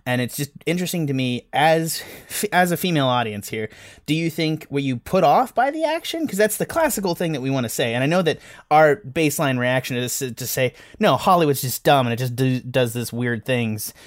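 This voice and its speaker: A man's voice: mid-range voice, expressive, brisk, no room sound, studio quality. A man chatting casually as a podcast film reviewer, rambling and self-deprecating with many restarts.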